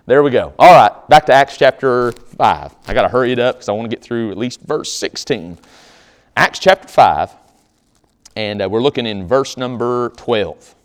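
Lively conversational male pastor preaching. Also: mid-range voice. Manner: conversational preaching with jokes, reads scripture aloud. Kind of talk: sermon.

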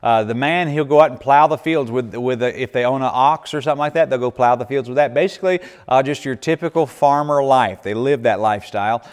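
A man's voice: mid-range voice, fairly quick, few pauses, clear, resonant tone. Folksy man telling stories. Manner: folksy, laughing storyteller with many restarts. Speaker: missionary speaker. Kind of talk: church Q&A talk. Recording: echoey hall with long reverb.

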